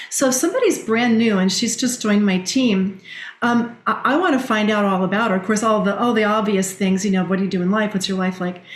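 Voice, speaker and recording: A middle-aged woman, a direct-selling leader, telling stories and coaching advice in a podcast interview, often acting out quoted speech. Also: mid-range voice. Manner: animated storyteller, quotes others. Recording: roomy echo.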